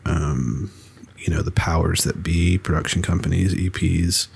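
A man co-hosting a podcast in relaxed chat, rambling with lots of fillers and restarts. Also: low voice, unhurried, vocal fry, breathy edge. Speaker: podcast co-host. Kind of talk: casual chat.

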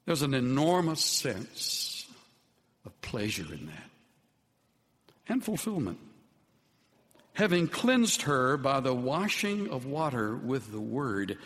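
A man preaching a sermon with an earnest, unhurried delivery that softens to tender, quiet passages. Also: mid-range voice, in a large hall. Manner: slow, earnest preaching with soft, tender dips. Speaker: pastor.

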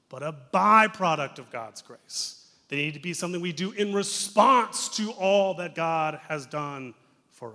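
A young male pastor preaching a sermon, telling his stories with animated energy and dropping from loud to hushed. His voice is bright and forceful. It carries the long reverb of a church sanctuary. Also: fairly high pitch.

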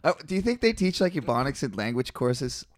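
A man hosting a podcast in casual chat, swearing often and working himself up into animated rants. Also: medium pitch, a little fast, no room sound. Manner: profane, ranting, animated storytelling. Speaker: podcast host.

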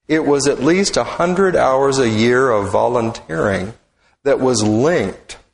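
A male minister preaching a sermon in short, deliberate, measured phrases. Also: medium pitch. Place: church sanctuary. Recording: echoey hall with long reverb.

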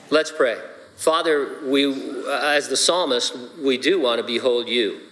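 Man, pastor, jokey sermon delivery, medium pitch, long hall echo. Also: measured pace, fairly bright tone, slight background noise. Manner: jokey, playful asides. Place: church sanctuary.

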